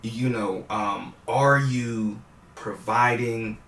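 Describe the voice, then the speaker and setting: A man in his thirties, a guest in an interview, speaking haltingly with many fillers and restarts, tearful and laughing through emotion. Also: mid-range voice, fairly even intonation, fairly bright tone, echoey room.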